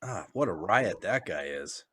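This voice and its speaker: A man's voice: low-pitched, lively intonation, unhurried, pushed and bright, husky. A man co-hosting a casual, boozy podcast chat, crude and laughing, who slips into goofy voices when he quotes people. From Nebraska, US. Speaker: podcast co-host. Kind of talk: casual drunk banter.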